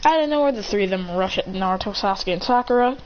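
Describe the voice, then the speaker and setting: A woman improvising an action fan story, excitable, acting out sounds and shouts. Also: medium pitch, quick pace, muffled recording, slight background noise.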